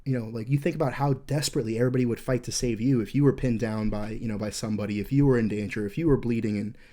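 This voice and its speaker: A man's voice: mid-range voice, steady tone, rapid-fire, warm tone. A young adult man hosting a podcast, telling a war story in a profane, intense, rambling way with frequent fillers. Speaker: podcast host, veteran.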